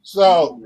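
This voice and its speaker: A man's voice: sits high, a little mellow, husky. A man with a Baltimore accent co-hosting a podcast, joking and laughing through casual banter and a show sign-off. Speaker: podcast co-host.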